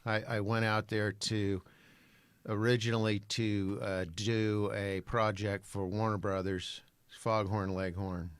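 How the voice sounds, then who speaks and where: A man who works in voice-overs, co-hosting a casual podcast in an easygoing, halting way with many pauses. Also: lowish voice, level tone, clear, resonant tone, no echo. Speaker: podcast co-host, voice-over artist. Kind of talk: casual conversational podcast chat.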